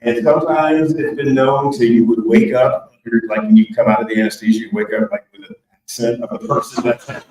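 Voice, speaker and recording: A man's voice: mid-range voice, lively intonation, a little fast, few pauses, a crowd in the background. A man, an author, tells a candid personal story to an audience and jokes along the way. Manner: candid, joking, conversational. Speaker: author giving a speech. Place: large event hall with an audience. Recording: echoey hall, voice from far off.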